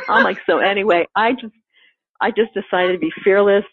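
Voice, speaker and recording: Husky woman telling a story over a phone-like line. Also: medium pitch, fairly quick, no room sound. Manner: animated, laughing often, acts out quotes. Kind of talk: casual anecdote. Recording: phone-like narrow sound.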